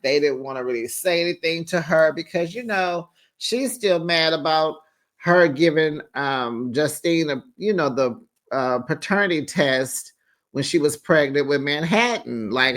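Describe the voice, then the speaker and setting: A man's voice: fairly high pitch, a bit bright. A man hosting a casual reality TV recap, sassy and chatty, with lots of fillers and asides. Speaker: recap host.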